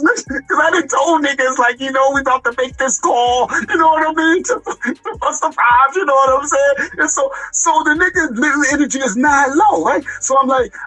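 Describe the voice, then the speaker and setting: A man, an excitable rapper telling a story in slangy street talk and acting out the dialogue. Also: extremely high pitch, low-quality recording. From Long Island, New York. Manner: excitable, slangy, acts out dialogue, many restarts. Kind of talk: animated storytelling interview.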